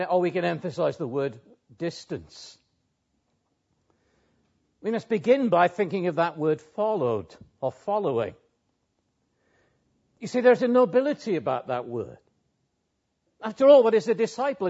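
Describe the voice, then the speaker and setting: Male preacher, earnest and emphatic sermon delivery, slightly high voice, muffled lo-fi sound. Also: darkish tone, breathy edge. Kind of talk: expository sermon. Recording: dull lo-fi sound.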